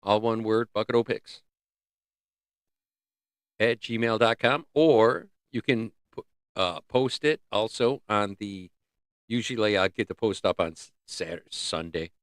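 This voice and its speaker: A man hosting a casual livestream, rambling and joking as he thinks out loud. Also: fairly low pitch, a little slow, no room sound, clean studio sound. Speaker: livestream host.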